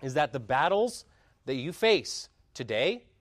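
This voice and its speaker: A man preaching a sermon with passion, building to loud emphatic peaks and dropping into low, quiet asides. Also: sing-song, a little slow, no room sound.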